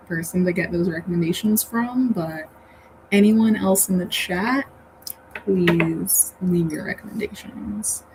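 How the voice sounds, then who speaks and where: Woman streamer, casual and rambling, easygoing slow pace, faint fan hum behind. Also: on the low side, darkish tone, poor audio. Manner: chatty, rambling, laughs often. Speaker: livestream host reading chat. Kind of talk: casual livestream chat.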